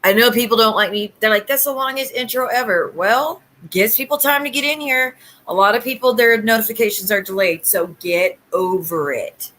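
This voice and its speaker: A woman chatting on her own livestream in a blunt, sassy way, firing back fast at her viewers. Her voice sits at an ordinary middle pitch for a woman. She talks in a loose, casual manner. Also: pushed and bright, slight background noise. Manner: blunt, sassy, quick retorts. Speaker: livestream host.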